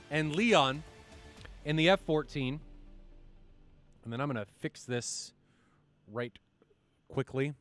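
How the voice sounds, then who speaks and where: A chatty man calls a live flight-simulation match with bursts of excitement and the odd swear word. His voice is bright and a touch high, and quiet music plays behind him. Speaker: esports commentator. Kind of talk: live stream commentary.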